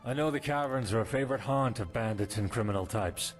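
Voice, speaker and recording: A dutiful captain of the guard from a fantasy video game, voiced by a man, with a fairly low voice. He talks briskly and matter-of-factly, with faint game music underneath. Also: close to an everyday voice.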